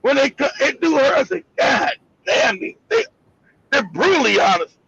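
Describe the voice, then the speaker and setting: Gravelly ranting man, high voice. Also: very animated, moderate pace, a bit bright, no room sound, highs cut off. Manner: profane, emphatic, ranting with repetition. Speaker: livestream host. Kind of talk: heated commentary.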